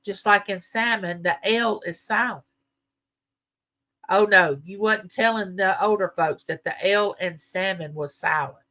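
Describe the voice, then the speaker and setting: Woman, Southern US accent, bright voice, chatty rambling storyteller, casual live-stream host. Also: medium pitch, measured pace. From American South. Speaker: livestream host. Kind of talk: casual live chat with viewers.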